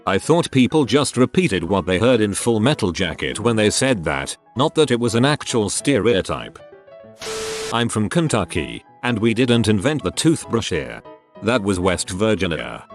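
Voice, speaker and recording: A man's voice: on the low side, sing-song, normal speed. A man narrating a string of short online posts, reading each one in a plain, matter-of-fact way. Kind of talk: scripted narration. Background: faint background music.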